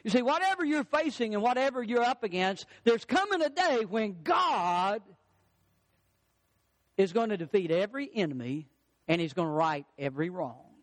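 A man's voice: sits high, lively intonation, normal speed, in a large hall. A male pastor delivering a sermon, building emphatic repeated lines and acting out the quotes he tells. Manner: preaching with rising emphatic lines and acted-out quotes.

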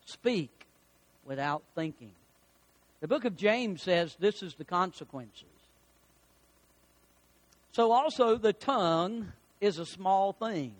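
A middle-aged man preaching, his voice sitting high and swinging widely in pitch. He tells folksy, homely stories between readings of scripture. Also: slow, long pauses. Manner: animated preaching with folksy anecdotes. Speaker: pastor. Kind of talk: sermon.

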